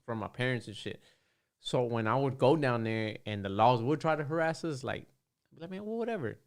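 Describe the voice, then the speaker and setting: A man's voice: mid-range voice, moderate pace, clean tone. A man in casual podcast chat, laid-back and slangy, often saying "you know what I'm saying".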